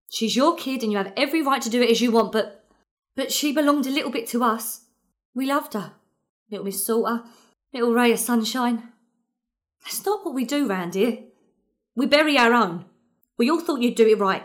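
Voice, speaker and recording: A fond, grieving working-class mother with a Cockney accent, played by a woman in a radio play. Her voice sits a little high, and she rambles in an earnest, apologetic way. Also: close to an everyday voice. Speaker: actor in an audio drama.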